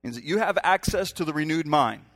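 A man's voice: fairly high pitch, expressive, brisk, a bit bright. A man preaching a sermon from a stage, talking conversationally and then breaking into sudden emphatic rises. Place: stage in a church hall. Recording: long hall reverb.

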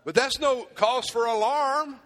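Animated high-voiced preacher in a reverberant hall. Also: male voice, a little slow. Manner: animated, playful preaching with acted asides. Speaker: pastor. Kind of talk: sermon. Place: church hall.

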